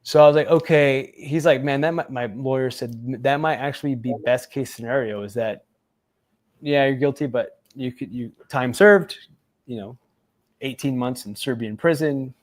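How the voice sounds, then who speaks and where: A man's voice: medium pitch, normal speed. Former SEAL telling his story casually. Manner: animated retelling, acts out quoted voices, many fillers. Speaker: guest, former Navy SEAL.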